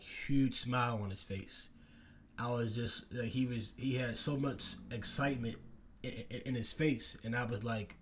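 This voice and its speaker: A young man casually telling a personal story to camera, rambling with many fillers, restarts and tag questions. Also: mid-range voice. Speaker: vlogger.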